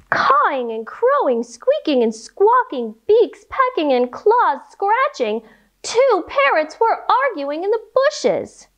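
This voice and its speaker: Young woman, kids' yoga storytime, animated, unhurried, bright playful pitch. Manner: animated, slow, playful sound effects for kids.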